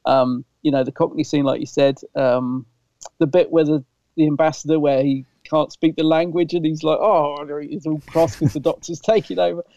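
A man's voice: a little high, fairly even intonation, normal speed, creaky, warm tone, no echo, lo-fi sound. A man co-hosting a podcast, chatting casually and enthusiastically, rambling with frequent restarts. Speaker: podcast co-host. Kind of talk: casual fan chat.

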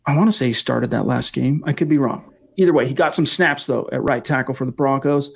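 A man hosting a casual live-stream podcast, energetic as he reads out viewer messages and thanks donors. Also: mid-range voice, fairly quick, gravelly, slightly rough. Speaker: podcast host.

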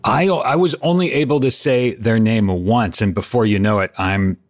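A man's voice: lowish voice, moderate pace. A middle-aged man co-hosting a podcast, riffing in a dry, playful way with small chuckles. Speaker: podcast co-host. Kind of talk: casual comedic chat.

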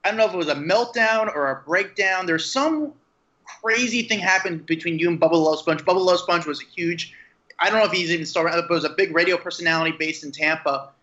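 A man interviewing a guest, a journalist, asking long rambling questions with halting restarts. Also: sits high, pushed and bright. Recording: roomy, dull lo-fi sound.

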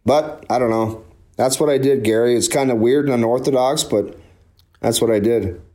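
A man's voice: medium pitch, moderate pace, warm tone. Man, ex-hockey player, forties, open and rambling, repeats words, conversational. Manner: candid, rambling, repeats himself. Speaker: former pro hockey player, guest. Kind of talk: emotional interview conversation.

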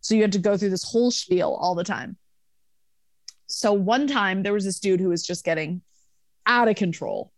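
A young woman, a former bar manager, telling a story in casual podcast chat, animated and profane, acting out the people she quotes. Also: mid-range voice, moderate pace, no echo, studio quality.

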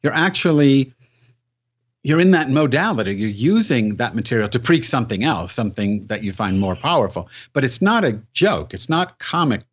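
A man hosting a radio interview, asking thoughtful questions at a measured pace. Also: medium pitch, big pitch swings, slightly rough.

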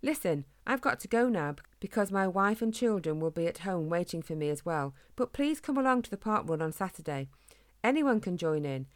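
A woman's voice: on the low side, animated, fairly quick, no echo, lightly acted. A polite, cheerful man who runs, as a woman reading puts him on, friendly and courteous. The recording is dry and close, as in a storybook reading. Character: friendly adult male human runner, polite.

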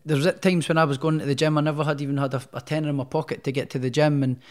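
With a fairly high voice and flat delivery, the Scottish boxer talks very fast. As an interview guest he tells his story in a loose, rambling fashion, restarting often, leaning on fillers and making self-deprecating remarks.

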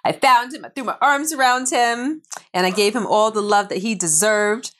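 A woman's voice: fairly high pitch, moderate pace. A woman co-hosting a casual couple's podcast, playful and teasing, often breaking into laughter. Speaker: podcast co-host.

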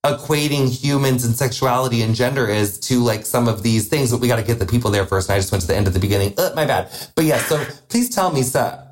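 A young man hosting a podcast, talking in a campy, chatty way with quick asides and playful jabs. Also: medium pitch. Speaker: podcast host. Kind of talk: casual chat.

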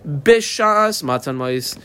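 A man's voice: fairly high pitch, takes it slowly, clear, resonant tone. A man teaching a Talmud class, reading the text and translating it line by line as he marks up the page. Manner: reads Aramaic text then translates, animated, marks up the text aloud. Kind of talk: daf yomi Gemara class.

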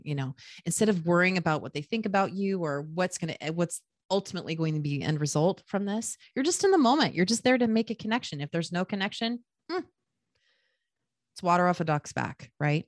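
A woman in her thirties hosting a casual solo podcast, chatty and quick to laugh at herself with lively asides. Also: fairly low pitch, no room sound, studio quality. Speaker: podcast host giving dating advice.

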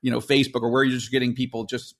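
A man's voice: mid-range voice, level tone, very fast. Earnest man explaining on a podcast. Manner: earnest, explanatory, with many fillers and restarts. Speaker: podcast host. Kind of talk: casual podcast discussion.

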